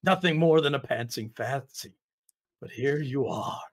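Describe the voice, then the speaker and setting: A man voicing a spiteful male serpent-man villain in a low, rumbly, whispery, hissing voice, slow and gloating. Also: animated, lightly acted.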